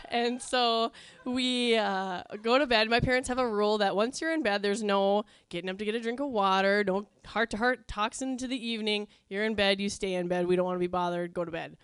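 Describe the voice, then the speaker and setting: A woman spins a funny personal tale at a storytelling night, wry and self-mocking, dropping ums along the way. Her voice is smooth and clear at a middle pitch. The mic sound is close and dry. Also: steady tone, normal speed, fairly bright tone, dry recording.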